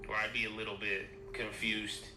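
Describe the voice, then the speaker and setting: In an echoey room with noise, a man with a lowish voice talks at normal speed in a level tone. His casual chat rambles along, full of free swearing and acted-out imagined conversations.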